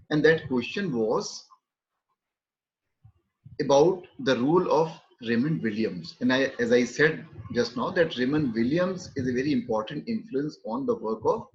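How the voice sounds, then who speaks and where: Measured male literature lecturer, lo-fi. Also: mid-range voice. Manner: measured, repeats key terms, many pauses with fillers. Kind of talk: academic lecture.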